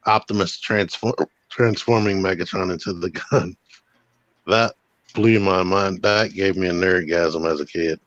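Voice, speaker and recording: Man, low voice, dull lo-fi sound, casual podcast chat, laughs easily. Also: steady tone, unhurried, a bit bright, dry recording. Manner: laughs easily, short interjections. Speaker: podcast co-host.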